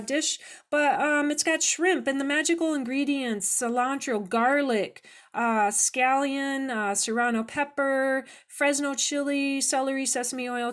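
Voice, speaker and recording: A middle-aged woman giving a casual, meandering tarot reading tied to recipes, speaking gently with many fillers and restarts. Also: high voice. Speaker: tarot reader and cooking channel host.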